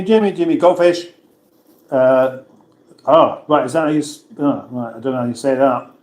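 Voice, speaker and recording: A man's voice: mid-range voice, a little mellow. Chatty man with a roomy echo. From England. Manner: chatty, self-mocking, reads comments aloud. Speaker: livestream host reading chat. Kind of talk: casual livestream chat.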